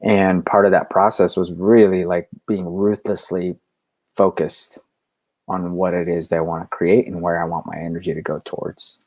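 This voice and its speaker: A man co-hosting a casual live-stream chat, relaxed and halting, laughing often and filling pauses with ums. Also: low voice. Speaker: coach and co-host.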